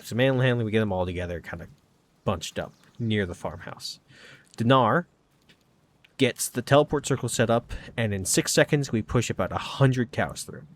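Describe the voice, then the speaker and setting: A man's voice: medium pitch, moderate pace. A man casually recounting a tabletop game session, rambling and filling with "kinda" and "like". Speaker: gaming channel host.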